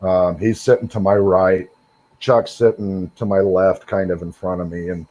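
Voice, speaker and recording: A man's voice: low-pitched, level tone, moderate pace, warm tone. A middle-aged man, a guest on a call, telling his story casually and rambling, with lots of fillers and repeated words. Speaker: guest sharing encounters.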